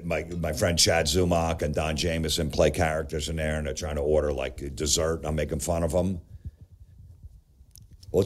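A man with a low voice chatting as a comedian guest. He tells stories bluntly with a dry, sardonic edge. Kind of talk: casual chat.

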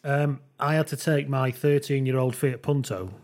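A man, a podcast co-host telling a comic story in a deadpan way. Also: mid-range voice, moderate pace. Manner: deadpan anecdote with funny voices.

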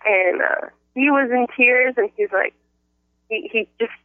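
A woman on a phone line telling a personal testimony in an animated storytelling way. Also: a little high, measured pace, no echo. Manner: animated, acts out quotes in a raised voice.

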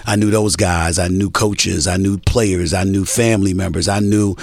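A man, a guest sportswriter, telling stories in an interview in an emphatic, rapid-fire way on a close mic. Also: low-pitched, steady tone, gravelly, no room sound, soft background music. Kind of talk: storytelling interview.

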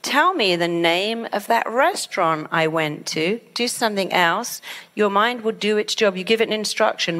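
A middle-aged woman giving a motivational talk, lively and acting out panicked inner voices as she explains. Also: mid-range voice, moderate pace. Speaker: hypnotherapist and speaker.

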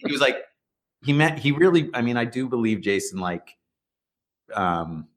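A middle-aged startup founder and CEO, appearing as a guest in a casual interview, tells stories in a medium-pitched, fairly bright voice at a normal speed with lively intonation. He rambles and restarts, acting out the dialogue he quotes.

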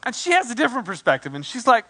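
A man in his forties, a pastor telling a story in his sermon, animated and self-deprecating, acting out what people said. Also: very high voice, rapid-fire, husky.

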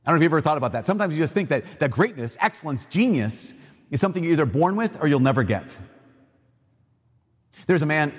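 A man giving a casual, animated sermon, retelling a Bible story and acting out its voices. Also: mid-range voice, husky. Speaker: preacher. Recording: long reverb in a large hall.

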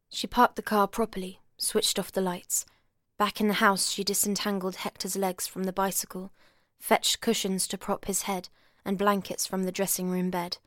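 A woman's voice: mid-range voice, no echo. Woman reading a novel, dry close sound. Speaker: audiobook reader.

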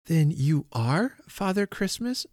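A man's voice: on the high side, very animated, takes it slowly, darkish tone, dry recording, clean studio sound, pitched above the performer's own voice, full character voice. A man voicing an eager, curious small girl in a storybook reading, asking questions in a raised voice.

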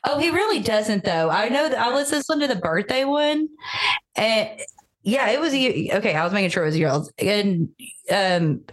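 A woman hosting a podcast, chatting casually in an animated, profane way. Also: mid-range voice, normal speed. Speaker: podcast host. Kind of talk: casual chat.

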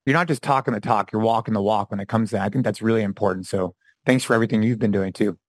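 Brief: man, 40s, lively storyteller guest, mid pitch, dry close mic. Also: rapid-fire, no echo, rough recording. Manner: animated storytelling, acts out quotes. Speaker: podcast guest, former fitness champion and gym owner. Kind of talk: casual interview talk.

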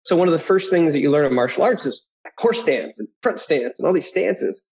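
A man in his thirties, a guest telling personal stories in an animated way, who often acts out the voices of people in his anecdotes. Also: a little high, fairly quick. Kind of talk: personal storytelling. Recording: dull lo-fi audio.

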